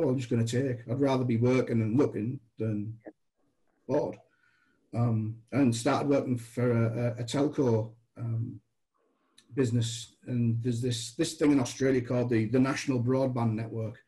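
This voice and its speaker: Mellow British man telling stories. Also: medium pitch, rough recording. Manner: chatty, restarts, animated quoted dialogue. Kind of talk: casual anecdotal storytelling.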